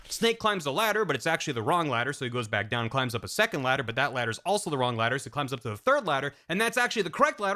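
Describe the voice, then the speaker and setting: Male comedic recap narrator, wry delivery, lively swooping pitch, bright tone. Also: racing, few pauses. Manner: wry, animated storytelling.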